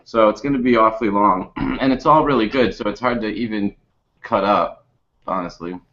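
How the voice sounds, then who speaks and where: A man's voice: on the low side, normal speed, a bit bright. A man on a casual panel chat, talking earnestly. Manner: joking, then earnest. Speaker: panel guest. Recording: lo-fi call audio.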